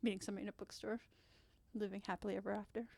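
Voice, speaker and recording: A woman hosting her own channel, retelling stories in a chatty, animated way full of rambling asides and self-corrections. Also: mid-range voice, rapid-fire, creaky, no echo. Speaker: channel host. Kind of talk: chatty storytelling vlog.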